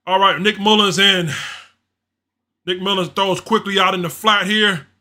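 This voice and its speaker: High bright-voiced guy doing casual play by play on a fan stream, frustrated and slangy. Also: steady tone, unhurried. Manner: frustrated, repetitive, slangy, ranting. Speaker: livestream host doing play-by-play.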